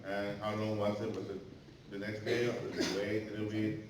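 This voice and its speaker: A man's voice: lowish voice, little pitch movement, brisk, noisy background. A man hosting a convention panel, upbeat and switching between Spanish and English. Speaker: panel host. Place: large convention hall. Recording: echoey hall, far mic, crowd.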